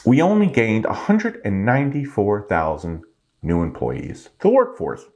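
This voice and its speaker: A middle-aged man delivers a vlog rant in an animated, exasperated tone. His pitch swings wildly from low grumbles to high outbursts, and he fires rhetorical questions at viewers he names one by one. His voice sits in the middle of a man's pitch range. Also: measured pace. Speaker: finance channel host. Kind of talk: ranting vlog monologue.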